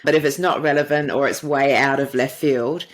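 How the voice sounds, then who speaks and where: A woman's voice: very deep voice, steady tone, normal speed. A middle-aged woman, a podcast guest and dating coach, answering interview questions with earnest, flowing storytelling.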